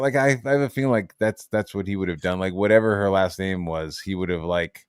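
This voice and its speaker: A man's voice: deep voice, quick pace, hardly any pauses, clear, resonant tone, dry recording, studio quality. A man hosting a casual podcast, telling rambling stories full of fillers and casual swearing. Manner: rambling, filler-heavy storytelling. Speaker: podcast host. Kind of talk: casual chat.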